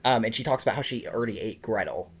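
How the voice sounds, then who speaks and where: Man host on a horror podcast, retelling a movie's plot in a halting, casual way full of ums and restarts. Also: fairly low pitch, a little hiss or hum. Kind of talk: casual movie review chat.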